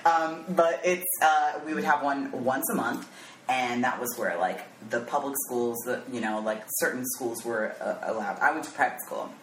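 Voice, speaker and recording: Deep-voiced woman telling stories. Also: normal speed. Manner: chatty storytelling with frequent laughs and fillers. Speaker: guest. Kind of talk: casual chat. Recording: roomy echo with background noise.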